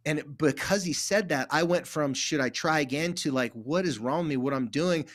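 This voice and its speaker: Middle-aged male therapist guest, casual and animated, voice a touch high. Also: moderate pace, few pauses. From California. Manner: animated, acts out quoted dialogue. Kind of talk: casual conversational storytelling.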